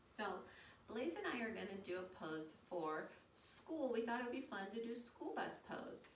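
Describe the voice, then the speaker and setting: A woman's voice: fairly high pitch, very animated, normal speed. A woman leading a children's yoga storytime, playful and encouraging as she guides a child through poses. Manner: encouraging, playful, upbeat with kids. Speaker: kids yoga teacher and storyteller. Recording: echoey room, distant mic, faint background noise.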